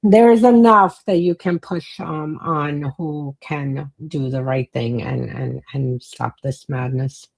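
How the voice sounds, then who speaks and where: A woman co-hosts a political chat show. Her voice sits a bit low. She talks bluntly and swears without holding back. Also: slow pace, vocal fry, hardly any pauses. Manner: blunt, profane, fired-up. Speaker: podcast co-host.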